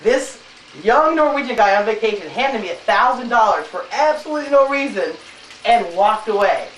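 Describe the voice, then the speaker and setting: A woman hosting her own cooking show, chatting loosely with many filler pauses as she tells a story while she cooks in her kitchen. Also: on the high side, expressive, recorded from a distance. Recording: roomy sound, voice off-mic, faint noise.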